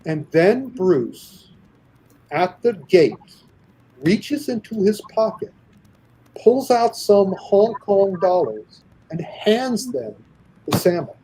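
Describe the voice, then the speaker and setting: Male podcast guest, animated storyteller who acts out quotes; mellow, husky timbre. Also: high-pitched, slow pace, pauses often, low-quality recording. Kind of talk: casual podcast anecdote.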